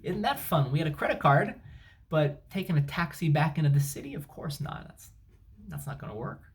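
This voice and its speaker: A man's voice: a little high, sing-song, brisk. A man, a travel vlogger, telling an angry, sarcastic, emphatic story at home. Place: at home, indoors. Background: dryer and washing machine running.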